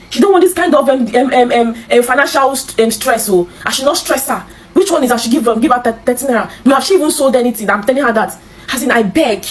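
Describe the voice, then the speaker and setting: A Nigerian woman telling her own life story in an interview, halting and repeating herself, with many restarts. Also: fairly high pitch, expressive, poor audio. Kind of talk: emotional personal storytelling.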